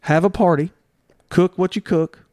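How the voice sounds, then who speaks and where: A middle-aged man as a podcast guest, telling stories in a casual, animated way and acting out the voices of people he quotes. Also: unhurried, dry recording, clean studio sound. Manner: animated storyteller, acts out quotes with jumps in pitch. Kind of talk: casual storytelling interview.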